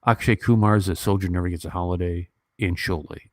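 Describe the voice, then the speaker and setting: A man's voice: sits low, fairly even intonation, fairly quick, no room sound. A man in his fifties chatting casually about movies on a livestream, rambling with lots of fillers and restarts, his nose stuffy from crying. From United States. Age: 50s. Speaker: YouTube movie reviewer.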